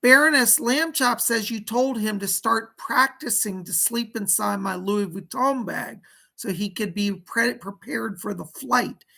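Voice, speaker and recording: A man's voice: sits high, a little slow, vocal fry, bright, forceful tone. A man hosting a casual psychic livestream, chatty and fussy, greeting viewers and scolding a pet companion.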